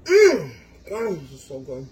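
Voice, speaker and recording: A man's voice: fairly high pitch, moderate pace, a little mellow, rough recording. An effusive man with a slightly raised voice gives a casual cooking demonstration in his home kitchen. He speaks directly to his viewers and gushes over each dish. A faint room hum sits behind him. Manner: effusive, exclaims often, talks to viewers. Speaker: home cook vlogger.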